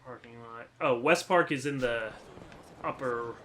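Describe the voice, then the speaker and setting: Bright-voiced male gaming commentator. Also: mid-range voice, measured pace. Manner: chatty, wry asides. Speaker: let's play host. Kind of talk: casual game commentary.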